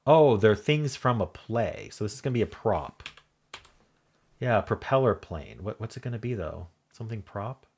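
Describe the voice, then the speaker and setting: A man thinking aloud as he solves a crossword, muttering in halting self-talk with half-voiced asides. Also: fairly low pitch, animated, gravelly, a little mellow, breathy edge. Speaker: crossword solving channel host. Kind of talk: thinking aloud while solving a puzzle.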